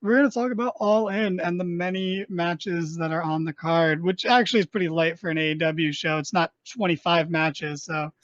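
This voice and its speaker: A man's voice: on the high side, fairly even intonation, moderate pace, few pauses, a bit bright, dry recording, muffled recording. A man hosting a casual wrestling podcast, joking and rambling with lots of fillers. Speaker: podcast host.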